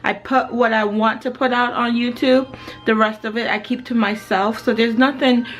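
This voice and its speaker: A woman's voice: a little high, fairly even intonation, moderate pace, fairly bright tone, faint music behind, poor audio. A woman in her thirties from Jamaica, chatting casually to camera in a home vlog, rambling and full of "you know"s. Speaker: family vlogger.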